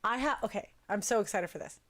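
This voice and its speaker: A young woman hosting a casual talk show, chatting in an animated, gushing way and jumping up in pitch for emphasis. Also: fast talker. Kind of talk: casual chat.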